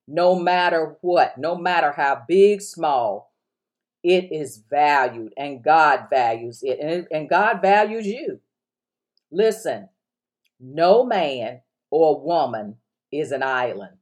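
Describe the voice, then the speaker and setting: A woman's voice: fairly low pitch, expressive, slow pace, a little mellow. A woman pastor preaching on a podcast, urging listeners to respond and repeating lines for emphasis. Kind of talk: sermon-style podcast teaching.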